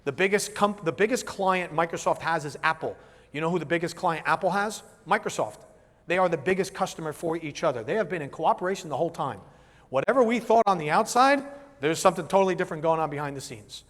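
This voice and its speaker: Casting note: high-voiced male seminar speaker, lively and chatty, in a big reverberant hall. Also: brisk. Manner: animated, asks the room questions, acts out voices. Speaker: business speaker. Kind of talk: live seminar talk to an audience.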